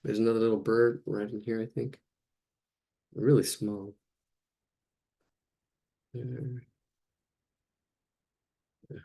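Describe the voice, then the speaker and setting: Male drawing instructor, lowish gravelly voice, rambling and relaxed as he sketches live. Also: slow pace, pauses often. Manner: rambling, chatty, thinks aloud while drawing. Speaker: drawing teacher. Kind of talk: casual live drawing lesson.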